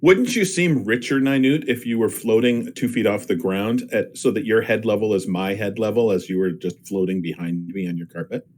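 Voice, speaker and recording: A man's voice: fairly low pitch, moderate pace, few pauses, darkish tone. A man playing a tabletop game, playful and boastful, talking in and out of character. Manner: playful, boastful, many fillers. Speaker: player.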